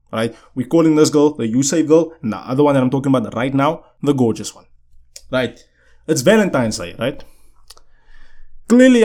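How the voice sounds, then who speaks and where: A man's voice: mid-range voice, darkish tone. A young man hosting a podcast, telling a personal story in casual chat, often asking "you know what I'm saying". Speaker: podcast host. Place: indoors, seated.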